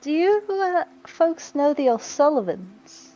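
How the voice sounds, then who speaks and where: A woman's voice: high voice, big pitch swings, takes it slowly, dark tone, muffled recording. A woman playing a tabletop game, speaking casually and in character. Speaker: player.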